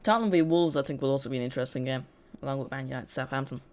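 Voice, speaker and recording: Football watch-along host, chatty and loose, talks straight to the chat, mid-pitched voice. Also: very fast, a little mellow. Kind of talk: casual live watch-along commentary.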